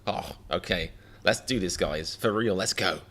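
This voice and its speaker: A man streaming live reactions, rambling and self-mocking with quick jokes. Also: sits low, crowd noise.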